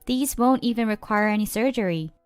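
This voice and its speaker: A woman voicing a young male doctor who speaks calmly and reassuringly, in a read-aloud story. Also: fairly high pitch, brisk, clear, resonant tone, dry recording, soft background music, lightly acted. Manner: calm, reassuring. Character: calm kind doctor, young man.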